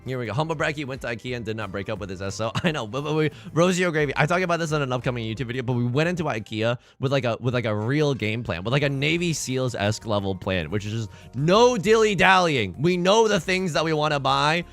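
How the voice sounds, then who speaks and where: Young man, livestream gamer, casual chat, gravelly, lively pitch, faint music behind. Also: fast, few pauses. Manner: animated, jokey, reads chat aloud. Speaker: streamer playing online mahjong.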